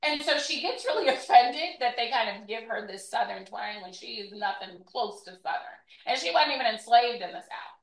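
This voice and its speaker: A woman's voice: a little high, animated, normal speed, gravelly, few pauses. A woman giving a conversational history talk as a presenter, chatty and often checking in with "right?". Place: event room. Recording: echoey room, mic far off.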